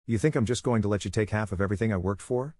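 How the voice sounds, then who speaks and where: A man's voice: fairly low pitch, racing, darkish tone, no echo, clean studio sound, close to an everyday voice. Smug sarcastic husband, read by a man. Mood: scornful. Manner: sarcastic, dismissive. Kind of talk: scripted story reading.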